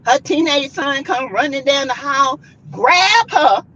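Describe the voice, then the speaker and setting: A woman's voice: sits high, measured pace, lo-fi sound, slight background noise. A woman with a Southern US accent, hosting a casual chat and telling a story dramatically. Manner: animated, dramatic, acts out quotes. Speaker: vlogger host.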